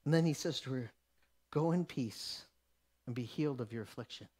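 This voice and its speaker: A man preaching a sermon, acting out the people in the story and swinging from loud declarations to hushed whispers. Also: mid-range voice, moderate pace, husky.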